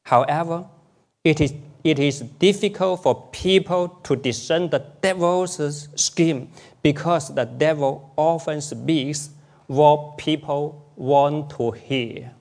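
A man's voice: on the high side, takes it slowly, a little mellow. A man preaching a sermon, repeating key phrases to drive them home.

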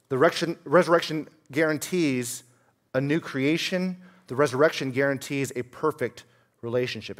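A man preaching a sermon as a pastor, earnest, dropping to a hush and then rising to loud emphasis. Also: mid-range voice.

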